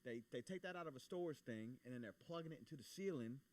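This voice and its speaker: A man co-hosting a casual comedy podcast, telling a long story in a profane, animated way and acting out his own reactions. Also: medium pitch, quick pace, slight background noise. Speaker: podcast co-host.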